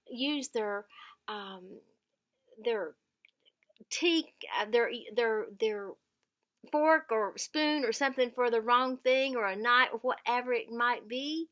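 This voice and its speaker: A middle-aged woman talks straight to the camera in a casual advice vlog. Her voice sits a little high and comes across bright and forceful. She is earnest, repeats words for emphasis, and acts out the lines she quotes. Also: highs cut off. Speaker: vlogger giving caregiving tips.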